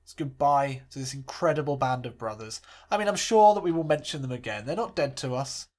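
This let's play host, a man with a mid-range voice and a brisk delivery, calls a football match like a sports commentator. One moment he's thrilled, the next he's glum.

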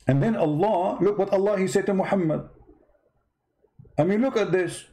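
A man's voice: high voice, moderate pace, warm tone, poor audio. A man from the East, hosting comedic religious commentary in a sarcastic, mock-bewildered way. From Middle East. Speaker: host.

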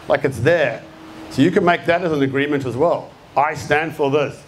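A man's voice: fairly high pitch, a little hiss or hum. Blunt, swearing Australian man in his fifties. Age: 50s. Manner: blunt, swears constantly, punchy and rousing. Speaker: speaker. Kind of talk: live motivational talk. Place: event venue with an audience.

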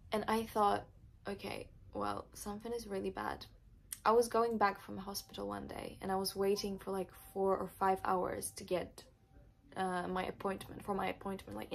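A woman's voice: mid-range voice, vocal fry. A young woman, not a native English speaker, telling an emotional personal story in her vlog, with many filler words. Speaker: vlogger.

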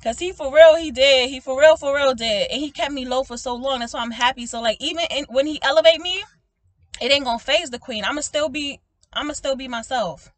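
A woman preaching informally to her online viewers, animated and emphatic, often asking "okay?" and calling them "baby", with frequent laughs. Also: high voice, brisk, no room sound. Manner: laughs often, swinging between loud exclaiming and soft talk. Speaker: prophetic minister speaking to online viewers.

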